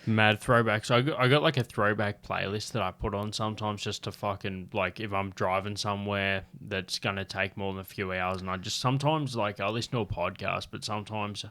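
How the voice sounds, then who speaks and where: A man's voice: on the low side, fairly even intonation, brisk, hardly any pauses, sharp tone. An Australian man, a comedian, telling loose, rambling stories full of swearing in a casual chat. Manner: loose, rambling, profanity-heavy storytelling.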